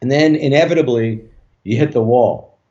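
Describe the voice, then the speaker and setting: A man, a hypnotist guest on an interview show, tells a story in a relaxed way with many fillers and restarts. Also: mid-range voice, normal speed. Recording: dull lo-fi audio.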